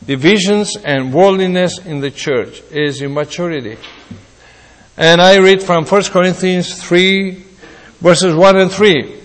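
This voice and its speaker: A man's voice: high-pitched, unhurried. Man preaching in a reverberant hall. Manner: conversational preaching, quoting imagined voices. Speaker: pastor. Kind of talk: sermon.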